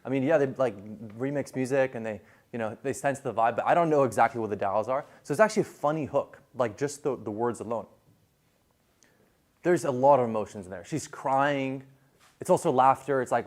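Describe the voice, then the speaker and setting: A man's voice: medium pitch, brisk. A man giving a casual classroom lecture on viral video, chatty, with many fillers and restarts.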